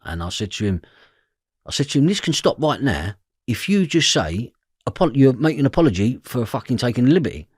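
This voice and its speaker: A man's voice: mid-range voice, very animated, brisk, husky, no echo, studio quality. A man with a London Cockney accent, telling a story as an interview guest, acting out the voices in his quotes and swearing freely. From East London, England.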